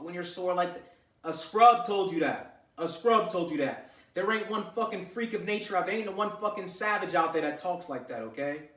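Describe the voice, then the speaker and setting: A man's voice: high voice, brisk, a bit bright, recorded from a distance. Brief: man, blunt profane lecturer, camera mic set back in an echoey room. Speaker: vlogger giving gym advice. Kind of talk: unscripted talking-to-camera rant.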